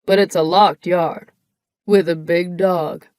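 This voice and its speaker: A woman narrating an audiobook, voicing a gruff, kindly older male biker with a smoker's voice who speaks slowly and laconically. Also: fairly low pitch, steady tone, a little mellow, no echo. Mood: laconic. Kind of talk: audiobook character voice.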